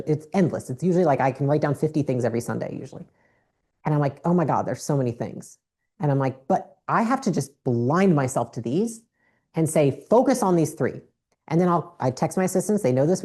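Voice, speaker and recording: A woman's voice: sits low, warm tone, husky. A woman giving a blunt, profane motivational business talk on stage with a handheld mic. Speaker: business speaker.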